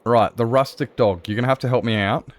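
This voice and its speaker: A man's voice: mid-range voice, a little fast, dry recording. A man chatting casually on a gaming livestream, swearing freely and laughing often. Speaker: streamer.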